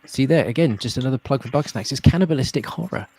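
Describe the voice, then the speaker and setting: A man's voice: medium pitch, fast talker, a little mellow, breathy edge. A man hosting a live stream, rambling and laughing in casual chat. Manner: friendly, rambling, laughs often. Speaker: host. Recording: faint noise.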